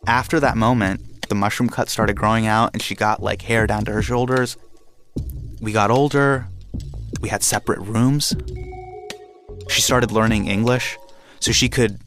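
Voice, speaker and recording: A man telling a personal story in an interview, animated and acting out quotes and sound effects. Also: fairly low pitch, normal speed, pauses often, soft background music. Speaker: guest storyteller.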